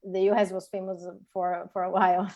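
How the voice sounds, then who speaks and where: A woman's voice: medium pitch, level tone, normal speed, a little mellow, lo-fi sound. A woman from Brazil, a native Portuguese speaker with a Brazilian accent, chatting as a podcast guest in a thoughtful, hesitant way as she searches for words. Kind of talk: casual chat.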